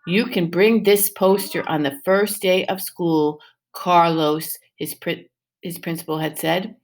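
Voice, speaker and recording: A woman's voice: fairly low pitch, unhurried. A woman teaching first grade, reading a picture book aloud to young children and coaxing them with questions. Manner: animated and encouraging, with exaggerated questions to the class.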